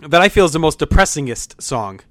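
A man riffs through a comedic podcast rant, his slightly higher voice leaping around with lively swings. He swears freely and plays up mock outrage. The sound is close and dry, with no room around it. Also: brisk, dry recording. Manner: ranting, swearing, jokey. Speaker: podcast co-host. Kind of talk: casual comedic chat.

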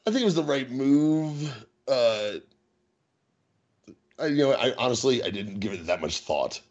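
A man co-hosting a podcast in casual chat, rambling with halting restarts and chuckling at his own jokes. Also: medium pitch, sing-song. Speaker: podcast co-host. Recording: dull lo-fi recording.

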